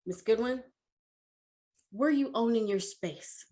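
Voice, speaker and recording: A stern, measured male manager with a military bearing, acted out by a woman. He speaks in a calm, clipped, firm way and keeps his voice a little lower and quieter than hers.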